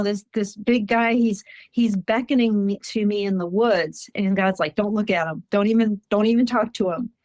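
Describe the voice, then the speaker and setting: A woman from Minnesota earnestly recounting a personal encounter in casual storytelling, animated and laughing often. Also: medium pitch, dry recording. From Minnesota, USA.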